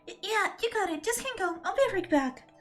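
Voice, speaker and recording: A woman's voice: very high voice, expressive, a little fast, faint music behind. A woman streamer reading video game dialogue aloud, dramatic and emotional, close to tears.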